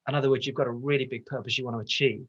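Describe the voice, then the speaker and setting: A man's voice: mid-range voice, steady tone, breathy edge, highs cut off. A male transformational coach from the UK, talking passionately and getting carried away as a podcast guest over a video call. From United Kingdom. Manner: passionate, gets carried away, talks fast. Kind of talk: motivational interview talk.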